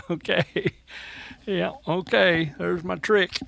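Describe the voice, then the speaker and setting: A man's voice: fairly high pitch, slow pace, vocal fry, a bit bright. A man from Indiana co-hosting a podcast, joking and rambling playfully. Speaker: podcast co-host. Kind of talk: casual podcast chat.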